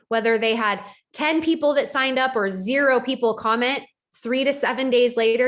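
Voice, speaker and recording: Animated higher-voiced woman coaching. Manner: animated, acts out quoted voices, frequent "like" and "right?". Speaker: network marketing team leader. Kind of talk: motivational coaching talk on a call.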